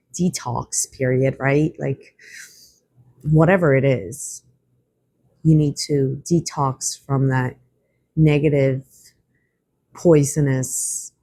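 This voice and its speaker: Oracle reader, reassuring and unhurried, dark husky voice, close dry sound. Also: mid-range voice, dry recording. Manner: gentle, reassuring, slightly rambling. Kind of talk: spiritual oracle card reading.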